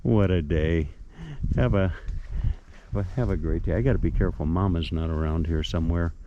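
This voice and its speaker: A man's voice: low-pitched, brisk. Older male vlogger outdoors, rambling folksy delivery, dull lo-fi camera audio with faint noise. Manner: folksy, rambling, repeats himself. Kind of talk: casual outdoor vlog. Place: outdoors by a creek.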